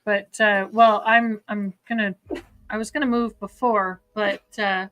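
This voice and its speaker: A woman playing in a tabletop game, asking halting, trailing questions. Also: mid-range voice, flat delivery, a bit bright, low-quality recording. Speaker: player. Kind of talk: casual tabletop game chat.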